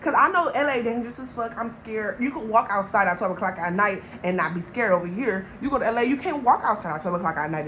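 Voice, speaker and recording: A young woman from Long Beach, telling a storytime vlog in an animated, slangy way and talking straight to viewers. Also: mid-range voice, fast talker, hardly any pauses, slight background noise, low-quality recording. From Long Beach, California. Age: young adult. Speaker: vlogger.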